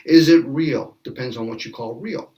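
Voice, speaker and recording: Animated man, distant from the mic. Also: mid-range voice, moderate pace. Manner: animated, acts out quoted exchanges, laughs often. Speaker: panel guest. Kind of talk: casual speculative discussion.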